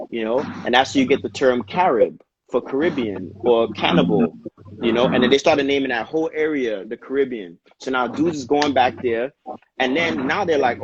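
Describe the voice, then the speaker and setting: A man in casual conversation, telling history in an animated, slangy way, often dropping "yo" and "you know what I mean.". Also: mid-range voice, normal speed. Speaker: dancer and podcast co-host. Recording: slightly dull lo-fi audio with faint noise.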